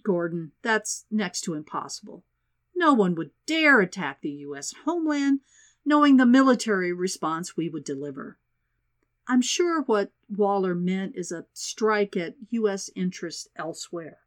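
A woman's voice: medium pitch, very animated, moderate pace, close to an everyday voice. A woman reading the lines of a scheming male presidential adviser, reassuring and matter-of-fact. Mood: persuasive.

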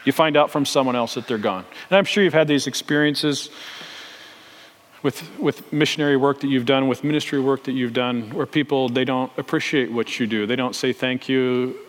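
A man's voice: medium pitch, moderate pace. A middle-aged man, a pastor, telling a story in a sermon and acting out the voices of the people in it. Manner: acts out the voices of the people in his stories. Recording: long reverb in a large hall.

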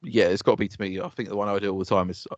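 A UK man co-hosting a casual podcast chat races through sweary, teasing banter in a laid-back way. His voice is lowish with little pitch movement, and there is no echo. The audio is dry, slightly dull and lo-fi.

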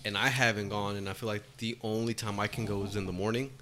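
Casual podcast guest, man, bright tone, candid, swears easily, faint room noise. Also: on the low side, fairly even intonation, quick pace. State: new father. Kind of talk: casual chat.

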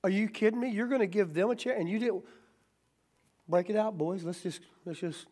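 A man preaching a sermon as pastor, plainspoken and folksy, swinging from quiet talk to sudden loud rises. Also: high-pitched, fairly quick.

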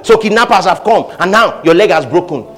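A man preaching a sermon with animated delivery, acting out voices and laughing often. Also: sits high, brisk, in a large hall. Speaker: pastor.

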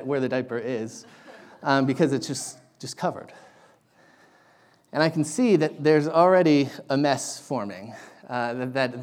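A man preaching a sermon, telling a personal story in an animated, self-deprecating way. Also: mid-range voice. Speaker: pastor.

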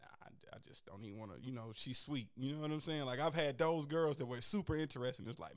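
A man talking casually and candidly about dating, animated and profane, getting loud and high when worked up. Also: quick pace, few pauses. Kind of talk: casual chat.

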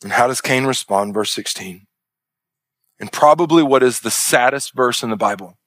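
A man's voice: mid-range voice, moderate pace, fairly bright tone, no echo. A male pastor preaching a sermon with emphatic delivery and repeated parallel phrases.

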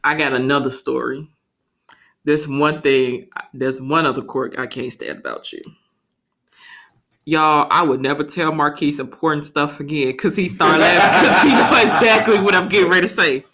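Brief: bright, animated woman podcast co-host, laughing storyteller, casual chat. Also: sits low, normal speed.

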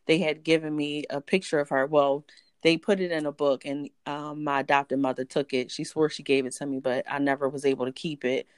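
A woman guest telling a personal story in an animated way, acting out the voices of others. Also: deep voice, brisk, clean tone, dry recording, studio quality. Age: adult. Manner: animated, acts out voices in quotes. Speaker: interview guest.

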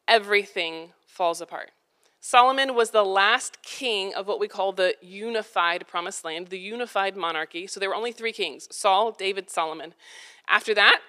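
A woman's voice: mid-range voice, sharp tone, clean tone. A woman, preaching a sermon in a conversational, emphatic way, repeating phrases for effect. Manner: conversational, with parenting asides. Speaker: pastor.

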